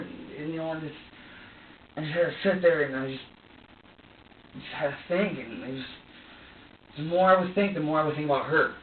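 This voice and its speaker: A man's voice: fairly high pitch, normal speed, pauses often. A man being questioned by investigators, rambling, agitated and swearing heavily as he recounts what happened. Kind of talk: recounting events under questioning. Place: sheriff's interrogation room. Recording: echoey distant lo-fi video with faint hiss.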